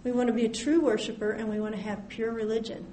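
A woman's voice: a little high, fairly even intonation, fast, warm tone, slight background noise. A woman preaching a sermon, reading scripture aloud and speaking prayers in an earnest, explanatory way. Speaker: Bible teacher. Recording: echoey room with faint ambience.

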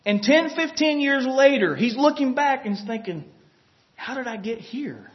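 Man, very high voice, lively pitch, sermon, storytelling, acts out inner voices, chuckles, dull lo-fi sound. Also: normal speed. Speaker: preacher. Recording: dull lo-fi recording.

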